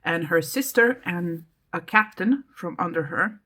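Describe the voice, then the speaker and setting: A woman's voice: fairly low pitch, animated, measured pace, pushed and bright. A woman hosting a casual book vlog, chatting in a rambling way with frequent hesitations. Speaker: book vlogger, channel host.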